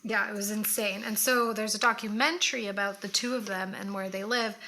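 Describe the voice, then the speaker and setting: A woman's voice: mid-range voice, steady tone, fairly quick, sharp tone. A woman co-hosting a casual chat while doing her makeup, easygoing and chatty, often trailing off mid-thought. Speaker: co-host.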